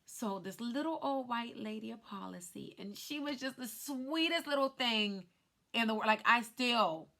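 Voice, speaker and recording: A woman's voice: a little high, lively intonation, moderate pace, gravelly, bright, forceful tone. A woman who works as a life insurance agent, casually telling viewers her personal story in a chatty vlog. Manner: chatty, speaks straight to viewers.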